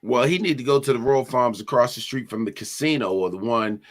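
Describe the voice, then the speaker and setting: A man co-hosting a casual sports show, joking and swearing with loud outbursts. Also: mid-range voice, a little fast.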